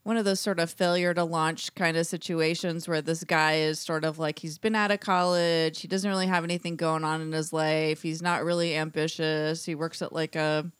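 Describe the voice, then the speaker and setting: A woman's voice: sits low, level tone, normal speed, hardly any pauses, smooth, no echo. A woman in her thirties co-hosting a podcast, chatting casually and rambling with frequent laughs. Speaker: podcast co-host. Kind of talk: casual chat.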